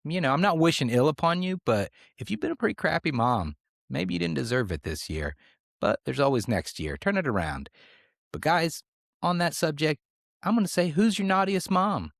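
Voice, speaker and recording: A man's voice: a little high, very animated, moderate pace, gravelly, no room sound, clean studio sound. A man co-hosting a comedy podcast, rambling in a playful, mock-serious way. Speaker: podcast co-host. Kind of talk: casual comedic podcast chat.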